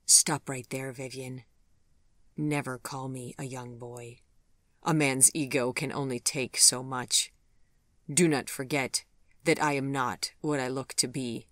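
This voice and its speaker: A man voicing a formal, calm, ageless male lover in an audiobook, speaking in a measured way. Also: medium pitch, dry recording, clean studio sound, close to an everyday voice. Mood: stern. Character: proud ageless man, looks young, gently stern.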